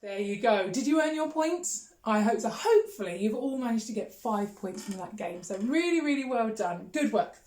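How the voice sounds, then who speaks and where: A woman's voice: on the high side, lively intonation, normal speed, few pauses, a little mellow, roomy sound, slight background noise. A woman teaching an online music lesson, encouraging and singing rhythms with her class. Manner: encouraging, sings and claps rhythms.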